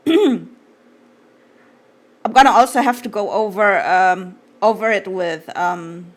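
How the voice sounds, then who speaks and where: A woman streaming live, chatting casually and gushing excitedly, swearing freely and trailing off into fillers. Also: mid-range voice, slow pace.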